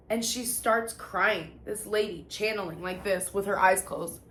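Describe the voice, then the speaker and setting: A woman's voice: mid-range voice, a little slow, a bit bright. A woman telling her personal testimony in casual, confessional storytelling, candid and profane, often stopping to restart her sentences. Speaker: vlogger sharing personal testimony. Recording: echoey room with faint background noise.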